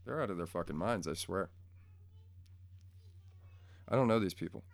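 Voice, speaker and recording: A man's voice: low voice, normal speed, vocal fry, dry recording. A man in a casual, profane rant to his viewers, blunt and crude, rambling and easily pulled off track, recorded at home. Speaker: vlogger. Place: home room.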